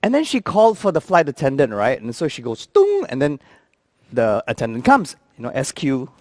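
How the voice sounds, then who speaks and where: A man, telling comic travel stories in an animated, playful way and acting out the characters. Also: mid-range voice, a little fast, dry recording, clean studio sound. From Singapore. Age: 50s. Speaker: actor. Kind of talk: comic storytelling.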